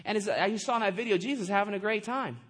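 Guy preaching, pretty high voice, chatty and animated, keeps asking the crowd "right?". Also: rapid-fire, breathy edge. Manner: animated, conversational preaching with asides to the congregation. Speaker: pastor. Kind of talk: sermon.

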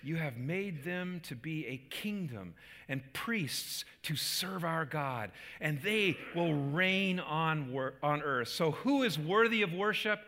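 A man's voice: on the high side, animated, takes it slowly, bright, forceful tone, long reverb tail, slight background noise. A man preaching a sermon as a pastor, earnest, with repeated restarts and emphatic peaks.

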